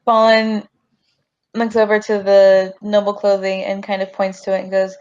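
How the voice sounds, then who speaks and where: A woman's voice: mid-range voice, completely flat delivery, moderate pace, darkish tone. A woman player in a tabletop game casually narrates her character's moves in an ordinary mid-range voice. The recording comes through dull and lo-fi.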